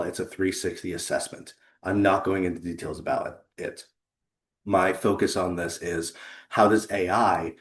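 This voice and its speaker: A man giving an earnest, conversational presentation on a video call, pausing for effect. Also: deep voice, roomy sound. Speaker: leadership consultant and presenter. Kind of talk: presentation to a remote audience.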